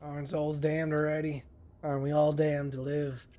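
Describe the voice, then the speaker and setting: A man's voice: fairly high pitch, monotone, moderate pace, dark tone, lightly acted. A man voicing a blunt, brooding male cave dweller who eats bones. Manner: blunt, gloomy, dismissive.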